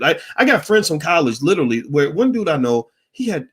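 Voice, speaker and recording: A middle-aged man hosting a Q&A stream, telling a story in a blunt, profane, animated way. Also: a little high, a little fast, hardly any pauses, slightly rough. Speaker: host of a Q&A stream. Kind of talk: candid storytelling monologue.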